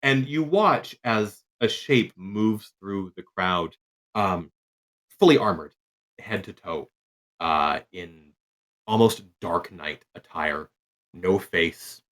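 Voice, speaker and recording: A man's voice: low voice, animated, slow pace, a bit bright. A man narrating a tabletop game as game master, loose and rambling with many fillers.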